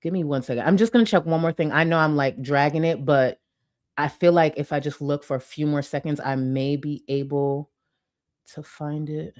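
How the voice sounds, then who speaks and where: Blunt, profane woman streamer, lowish voice. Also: steady tone, moderate pace, a little mellow. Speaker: commentary streamer. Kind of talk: casual commentary. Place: home room with ring light. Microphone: desk mic with webcam.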